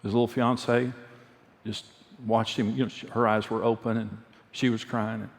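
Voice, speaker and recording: A fairly low, creaky voice with flat delivery and moderate pace belongs to a pastor and marriage speaker. His conversational sermon leans on earnest personal stories and repeated key phrases. Long reverb from a large hall fills the audio.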